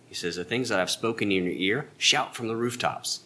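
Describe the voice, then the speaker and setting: A man's voice: fairly low pitch, animated, normal speed, hardly any pauses, fairly bright tone. A man teaching an evening Bible class, explaining earnestly and emphatically with rhetorical questions.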